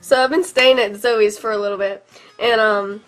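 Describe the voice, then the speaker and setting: A woman's voice: mid-range voice, steady tone, normal speed. A young woman telling rambling, giggly stories in a casual vlog, filmed on her phone at home. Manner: rambling, giggly storytelling with filler words. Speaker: vlogger. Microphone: phone camera.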